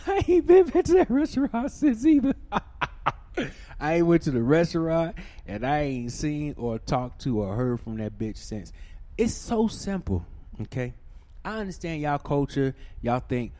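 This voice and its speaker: A man telling a profane, ranting story, swinging from shouting to low muttering. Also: sing-song, a little slow.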